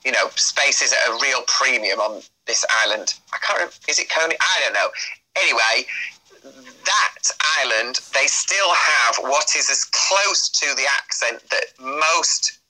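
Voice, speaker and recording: Man, interview guest, very bright tone, chatty and rambling, lots of fillers. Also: mid-range voice, animated, a little slow, poor audio. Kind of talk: casual interview chat.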